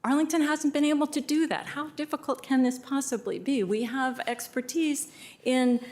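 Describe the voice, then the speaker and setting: A woman's voice: sits high, steady tone, normal speed, a little mellow. A woman giving passionate, exasperated public testimony at a county hearing.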